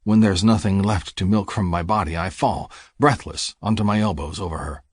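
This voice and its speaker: Deep husky male audiobook narrator. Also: moderate pace, no room sound, clean studio sound. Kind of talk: first-person audiobook narration.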